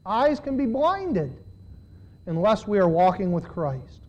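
A man with a high-sitting voice preaches a sermon at a slow pace, reading a Bible passage aloud and pausing to comment on it. He reads scripture with rising, animated emphasis, his voice lifting as he goes. The audio sounds dull.

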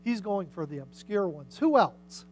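During a church service, a pastor preaches casually, asking the congregation questions and reading scripture aloud while moving between loud and soft delivery. The medium-pitched voice swings widely in pitch at a measured pace, with soft music behind it and poor audio quality.

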